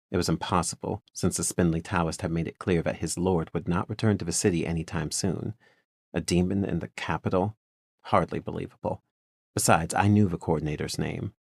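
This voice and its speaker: A man reading a first-person story aloud in a measured, steady storytelling manner. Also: sits low, dry recording, clean studio sound. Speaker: audiobook narrator. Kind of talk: first-person scripted narration.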